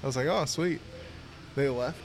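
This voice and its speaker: A man co-hosting a casual podcast, bantering quickly and swearing. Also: medium pitch. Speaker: podcast co-host, golf course superintendent. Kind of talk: casual chat. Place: brewery.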